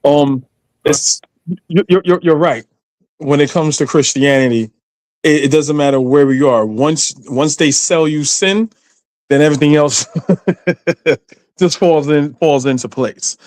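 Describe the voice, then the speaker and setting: A man speaking as a panelist in a loose discussion. His pitch sits a little high for a man, and he tells stories animatedly, restarting his sentences often. The sound is dry and close. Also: a little slow, pauses often, dry recording. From Guyana. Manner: animated storytelling with many restarts.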